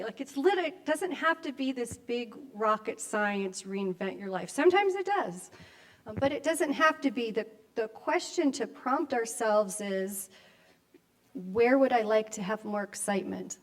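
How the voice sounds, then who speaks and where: An older woman preaches in a church in a relaxed, conversational way. Her voice sits a little high, and she pauses often to let her words land. She slips in friendly asides as she goes. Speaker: minister. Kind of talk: sermon. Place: church sanctuary.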